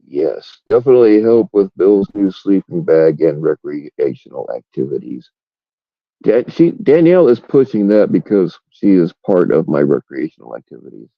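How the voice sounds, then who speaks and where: A man with a very low, gravelly voice hosts a livestream, chatting loosely and rambling from one thing to the next, swearing freely. The recording is dull and lo-fi. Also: sing-song, moderate pace, dry recording. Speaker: livestream host. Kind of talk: casual livestream chat.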